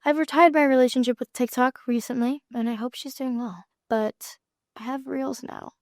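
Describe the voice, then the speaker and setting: An actress chatting as an interview guest, giggling often and trailing off with lots of fillers. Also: female voice, high voice, steady tone, normal speed, no echo, studio quality. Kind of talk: casual interview chat.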